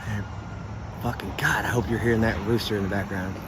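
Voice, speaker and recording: A man's voice: lowish voice, steady tone, fairly quick, heavy background noise. A man ranting angrily and profanely into his phone camera while outdoors in his yard, stoned and rambling. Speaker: vlogger.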